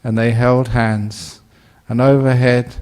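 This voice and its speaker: A British man in his sixties, a Buddhist monk giving a dharma talk, an animated storyteller who acts out the voices and laughs at his own jokes. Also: mid-range voice, slow.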